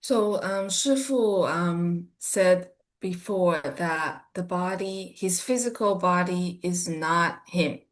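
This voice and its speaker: A woman interpreting a monk's talk into English over a video call, halting with many ums and restarts. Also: on the low side. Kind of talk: consecutive interpreting of a dharma talk.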